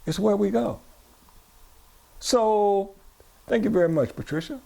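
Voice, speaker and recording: Gravelly male pastor preaching. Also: high voice, a little slow, mellow. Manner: repetitive, call-and-response preaching. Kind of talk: sermon. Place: church.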